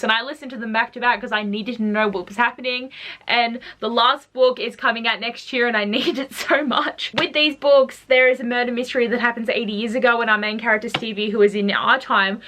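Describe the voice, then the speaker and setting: A woman's voice: on the high side, bright, forceful tone. A young woman chatting casually and gushing about her new books as a book vlogger. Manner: bubbly, gushing, fast asides. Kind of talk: casual book haul chat.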